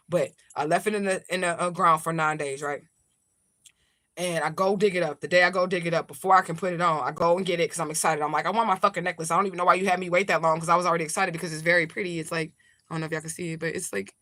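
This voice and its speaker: A woman, a spiritual medium, tells a long story to her viewers in a loose, chatty vlog style. She swears freely and talks straight to them. Her voice is bright and sharp. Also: fairly low pitch, no room sound, studio quality.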